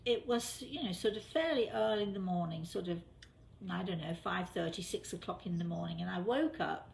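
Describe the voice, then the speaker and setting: A woman's voice: lowish voice, a little fast, vocal fry. An older woman telling a personal story in a chatty, casual way, repeating words for emphasis.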